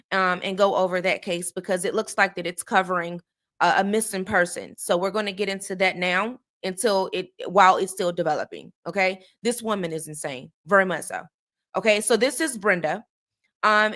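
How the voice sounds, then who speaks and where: A woman hosts a relaxed live stream on a true crime case, talking straight to her viewers in casual commentary. Her medium-pitched delivery is chatty, loose, and conversational, and she greets people by name mid-sentence. She often tags points with a quick "okay?" or "all right?" to check in.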